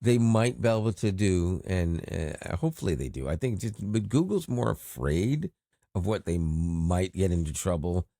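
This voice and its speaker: A middle-aged man from Toronto, co-hosting a podcast in casual, expressive chat with frequent restarts. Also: low-pitched, normal speed, no echo, clean studio sound. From Toronto, Canada. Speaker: podcast co-host.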